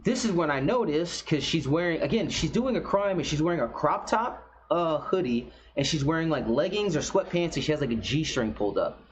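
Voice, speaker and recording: A man's voice: on the high side, lively intonation, fairly quick, few pauses, slight background noise. A man giving casual reaction commentary on a game trailer, blunt, profane and opinionated. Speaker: gaming commentator. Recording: slightly dull recording.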